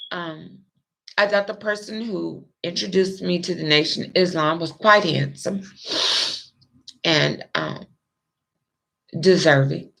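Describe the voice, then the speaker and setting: A woman's voice: mid-range voice, pushed and bright. A young adult woman telling a personal story in a rambling, emotional, profane way. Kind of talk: casual monologue.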